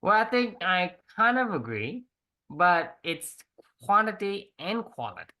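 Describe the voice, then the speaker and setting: Earnest, bright-voiced podcast co-host man. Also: high voice, very animated, a little slow. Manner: earnest and explanatory, with frequent restarts. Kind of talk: casual chat. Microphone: video call.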